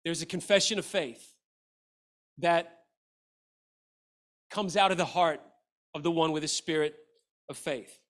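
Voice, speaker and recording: A fervent male preacher with a high voice, delivering a sermon. He speaks with passion and drops his voice low and soft when he voices quoted lines. He sounds middle-aged. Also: a little slow, long pauses. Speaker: pastor.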